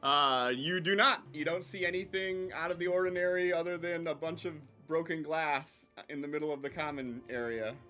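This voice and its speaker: A man's voice: a little high, fairly even intonation, normal speed, hardly any pauses, sharp tone, soft background music. A man narrating as game master of a tabletop game, hesitant and full of ums and uhs.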